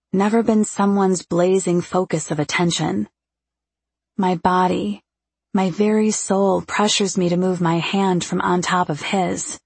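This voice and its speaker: A woman narrating a first-person audiobook in a hushed, intimate, lingering way. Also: on the low side, slightly rough, dry recording.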